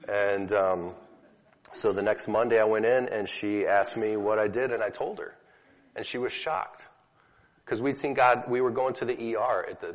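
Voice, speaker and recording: A man giving a conversational teaching talk to an audience, telling stories casually with fillers. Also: lowish voice. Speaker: speaker teaching about healing prayer. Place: hall with a live audience. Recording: dull lo-fi recording in an echoey hall.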